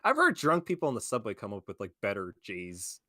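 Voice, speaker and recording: A young man with a lively, swinging voice and a bright, forceful edge, recorded dry and close. He reads out lines and tears into them with sarcastic, profane rants. His delivery is animated and full of comic exasperation. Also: lowish voice, fairly quick, no echo. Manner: sarcastic, swearing, animated ranting. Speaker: stream co-host. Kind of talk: casual stream commentary.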